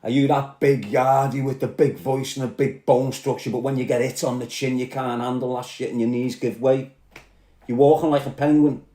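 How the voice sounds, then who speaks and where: A man's voice: mid-range voice, steady tone, moderate pace, warm tone, roomy sound. A man with a Scouse accent, ranting aggressively and swearing as he answers commenters on a live stream. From Liverpool.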